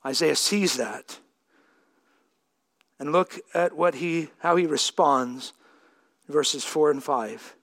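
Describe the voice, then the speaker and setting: High-voiced, unhurried preaching man. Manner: emphatic, swelling to shouts on key lines. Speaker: pastor. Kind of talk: sermon.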